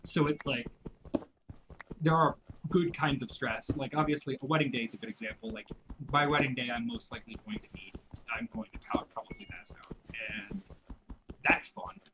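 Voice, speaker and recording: Sleepy young man with a gravelly voice. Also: fairly high pitch, animated, normal speed, long pauses, noisy background. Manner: chatty and self-deprecating, slipping into whispers. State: sleepy, yawning. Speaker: gaming video creator. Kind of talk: casual gameplay commentary.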